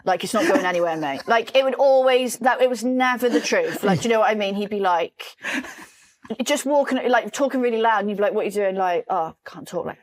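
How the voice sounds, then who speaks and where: Animated woman telling stories. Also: fairly quick. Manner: animated, mimics a colleague in a low mocking voice. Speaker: podcast co-host. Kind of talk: casual storytelling chat.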